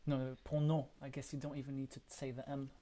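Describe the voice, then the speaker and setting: A man's voice: mid-range voice, completely flat delivery, quick pace, warm tone. A man hosting live commentary of an online board game match, chatty and speculative, often stumbling and restarting his words. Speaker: host and commentator.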